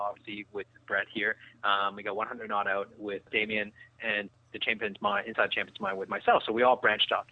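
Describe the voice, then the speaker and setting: Male podcast host, rapid and filler-heavy questions, muffled dry recording. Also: medium pitch, no room sound. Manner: halting questions full of fillers. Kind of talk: casual podcast interview. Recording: dull, dry sound.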